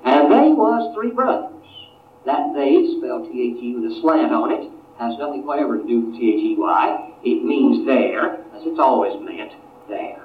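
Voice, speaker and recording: A man giving a history lecture, unhurried and often restarting his phrases. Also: medium pitch. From Appalachia. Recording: tinny, distant, roomy lecture recording.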